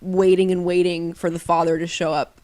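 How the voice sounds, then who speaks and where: A woman's voice: lowish voice, flat delivery, normal speed, darkish tone. A woman co-hosting an interview podcast, speaking earnestly and reacting openly with disgust at what she hears. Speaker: podcast co-host.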